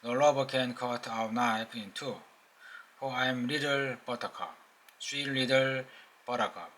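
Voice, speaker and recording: Korean-accented man voicing a giddy drunk robot, slow and bright, storybook reading. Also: medium pitch. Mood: playful. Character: drunken singing male robot.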